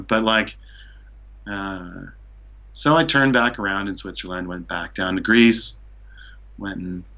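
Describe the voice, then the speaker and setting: His voice sits low and a bit bright, with the highs cut off in the audio. A Seattle man guesting on a podcast, he casually spins a long, rambling travel tale peppered with "like" and "you know."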